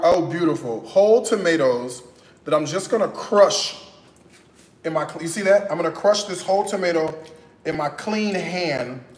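A man's voice: a little high, roomy sound. A man from Chicago, chatting playfully to viewers as he cooks in his kitchen. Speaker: home cooking vlogger. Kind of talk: casual cooking vlog chat.

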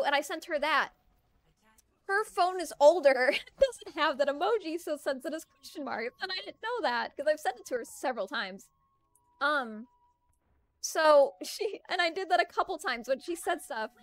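A woman's voice: high voice, a little fast. A young woman chatting casually and rambling while streaming a video game, laughing often. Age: young adult. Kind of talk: casual gaming stream chat.

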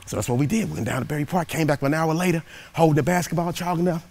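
A man giving a motivational speech through storytelling, animated and dramatic, swinging from loud peaks to hushed asides. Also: a little high, rapid-fire, vocal fry. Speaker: motivational keynote speaker.

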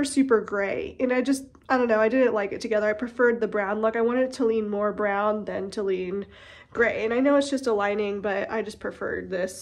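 A woman vlogger chatting casually at home in her kitchen, her voice nasal and stuffy from a cold, relaxed and peppered with fillers. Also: a little high. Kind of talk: casual chat.

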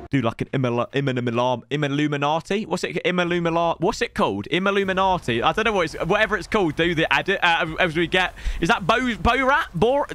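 A young man giving chatty, rambling commentary while opening game packs, bursting into shouts at good pulls. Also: a little high. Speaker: gaming YouTuber. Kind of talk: excited pack-opening commentary.

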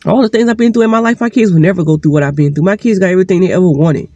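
A woman vents to her vlog camera in a rapid, heated rush, swearing freely and stressing her points hard. Her voice sits close and dry, with no room sound around it. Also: on the low side, warm tone, no echo, highs cut off. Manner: heated, profane, emphatic. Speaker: single mother vlogger. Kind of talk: venting vlog monologue. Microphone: sitting, talking straight to camera.

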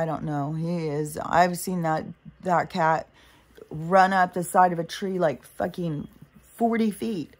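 A woman vlogger in a casual spiritual monologue, rambling and swearing often. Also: sits low.

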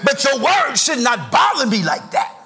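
A middle-aged male pastor, preaching a sermon with sing-song rises and shouted emphasis in a church. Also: very high-pitched, huge pitch swings, moderate pace. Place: church sanctuary.

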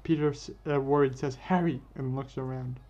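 A man's voice: mid-range voice, little pitch movement, fairly quick, mellow. A man narrating a fan-made story casually, correcting himself as he goes. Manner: unscripted, self-correcting. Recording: dull lo-fi with faint music.

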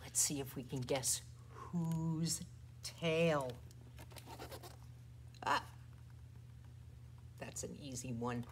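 A children's librarian leads a toddler storytime with rhymes and a picture book, swinging between exaggerated soft and loud voices. Her pitch is extremely low, she draws out her words and leaves long pauses, and there's slight background noise.

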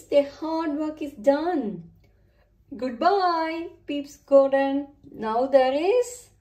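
Slow sing-song woman reading to kids. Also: high voice, dark tone. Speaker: storybook reader. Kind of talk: children's read-aloud narration.

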